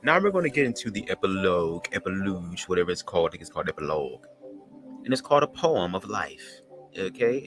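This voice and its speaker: Male podcast host: low, bright voice, sassy and profane, reading a book with side comments. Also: sing-song, quick pace, faint music behind. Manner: sassy, slangy, swearing, jumps into high squeals. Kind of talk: casual reading with asides.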